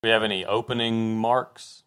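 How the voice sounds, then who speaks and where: A man's voice: fairly low pitch, fairly even intonation, moderate pace, a bit bright, smooth. A man co-hosting a podcast in casual chat, making wry joking asides. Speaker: podcast co-host.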